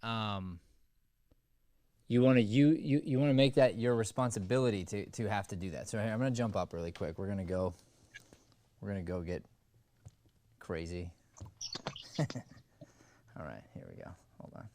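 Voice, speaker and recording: A man's voice: lowish voice, moderate pace, long pauses, darkish tone. A man coaching an online acting class, in a loose, rambling, casual way over a video call. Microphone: webcam or phone on a video call.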